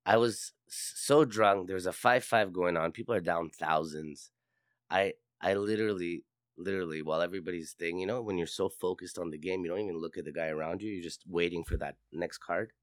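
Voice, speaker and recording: A man's voice: low voice, a little fast, no room sound, studio quality. A man in casual chat with friends, laid-back and boastful.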